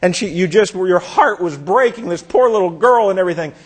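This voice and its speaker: Brief: male preacher, fairly high voice, earnest storyteller, sermon. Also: expressive, a little fast, slightly rough. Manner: earnest storytelling, dropping soft for effect.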